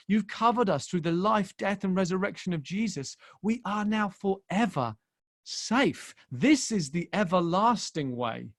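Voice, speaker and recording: A pastor in his forties delivers an impassioned sermon in a fairly high voice. He moves from quiet, tender storytelling to forceful emphasis. The sound is close and dry. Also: lively intonation, a little slow, dry recording. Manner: impassioned, shifting between hushed and loud emphasis. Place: church.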